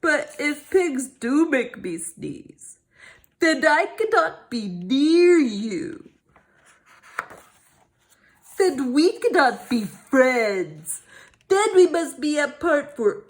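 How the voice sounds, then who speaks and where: A woman's voice: sits high, very animated, takes it slowly, long pauses, full character voice. A woman voicing an anxious, melodramatic young male elephant in a children's storybook read-aloud. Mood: dramatic. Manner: melodramatic, loud, wailing.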